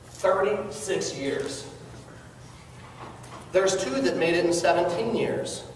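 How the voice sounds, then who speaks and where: A man's voice: high-pitched, takes it slowly, slight background noise. A man giving a motivational network marketing talk, earnest and coaxing, asking his audience questions. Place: large hall with an audience. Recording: echoey hall recorded from far off.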